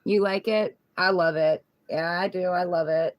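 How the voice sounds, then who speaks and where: A woman's voice: on the low side, moderate pace, no echo, highs cut off. A middle-aged woman hosting a casual livestream at home on her phone, chatting loosely and cooing fondly to her pet. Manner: relaxed, chatty, coos affectionately to her pet. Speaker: tarot reader livestream host.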